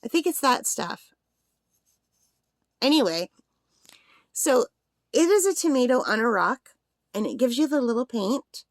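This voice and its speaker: A woman's voice: fairly high pitch, very animated, measured pace, pauses often, dry recording, clean studio sound. Giggly, overtired woman craft vlogger. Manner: giggly, gushing, rambling. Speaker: craft channel host. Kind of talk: casual unboxing vlog.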